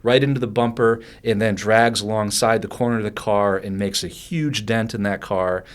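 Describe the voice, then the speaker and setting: A man telling a personal story as a podcast guest, animated and rambling, with many restarts and fillers. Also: lowish voice, moderate pace.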